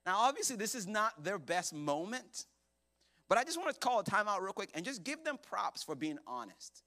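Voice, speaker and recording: Male pastor, high bright voice, animated sermon, joking asides. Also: moderate pace. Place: church hall.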